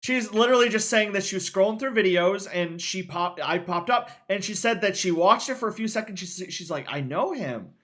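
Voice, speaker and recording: A man's voice: high voice, animated, a little fast, few pauses, a bit bright. A young man co-hosting a casual podcast, often laughing and quoting what people told him. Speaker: podcast co-host. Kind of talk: casual chat.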